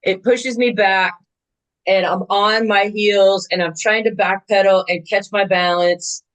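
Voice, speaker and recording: A woman in her sixties, a veteran softball umpire, telling game stories in a chatty, animated way with lots of fillers. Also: mid-range voice, measured pace, rough recording. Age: 60s. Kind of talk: casual interview storytelling.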